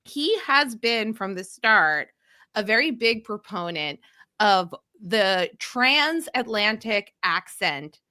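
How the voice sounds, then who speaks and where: A woman's voice: medium pitch, slow, no echo, clean studio sound. A woman from the mid-Atlantic US hosting a podcast, chatting casually and laying out a theory at length. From mid-Atlantic region of the US. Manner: animated, laughing, theorizing at length. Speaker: podcast host.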